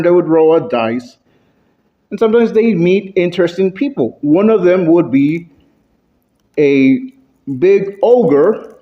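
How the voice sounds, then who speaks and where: A man giving a prepared speech at a speaking club, playing with pitch and loudness for effect. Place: club meeting room, indoors. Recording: dull lo-fi recording.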